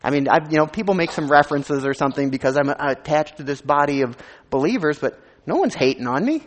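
A man's voice: a little high, animated, fast talker. A man preaching a sermon as pastor, earnest and conversational, stressing scripture lines with rising emphasis. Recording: long hall reverb.

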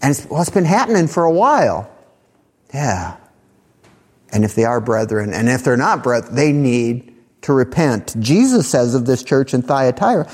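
Mellow-voiced man preaching with emphasis. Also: medium pitch, sing-song, husky. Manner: emphatic preaching with drawn-out pauses and sudden rises. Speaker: pastor. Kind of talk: sermon.

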